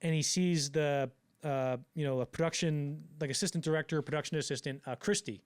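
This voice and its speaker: A man casually telling a wild story on a podcast, acting out the people in it with loud bursts and lots of fillers. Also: on the high side, clear, resonant tone. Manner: animated storyteller, acts out quotes with loud bursts; fast, loose, lots of fillers. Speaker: podcast co-host.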